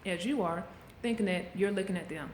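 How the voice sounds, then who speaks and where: A middle-aged woman speaking frankly into a handheld camera, coaching her viewers like a friend in a casual motivational vlog. Her voice sits at an ordinary pitch for a woman. It bounces around an echoey room, with a faint hum of ambience behind her. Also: fairly quick. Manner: candid, coaching, talks straight to viewers. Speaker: vlogger.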